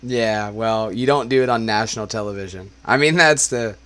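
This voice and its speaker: A man's voice: on the low side, moderate pace, a bit bright. A man hosting a casual livestream, talking loosely and laughing, often trailing off mid-sentence. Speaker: host.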